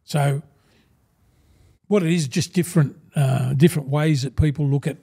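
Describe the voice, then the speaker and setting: As a guest in a casual interview, a former rugby league front rower in his sixties, with an Australian accent, rambles through stories, reenacting old conversations and calling the host "mate" at every turn. His voice is on the high side, warm and breathy with vocal fry, at a normal speed.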